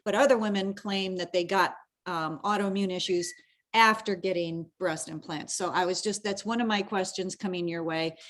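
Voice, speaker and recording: A woman's voice: on the low side, fairly even intonation, moderate pace, a bit bright. A woman hosting a podcast, chatting casually and emotionally with her guest, often restarting her sentences. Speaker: podcast host. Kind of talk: casual interview chat.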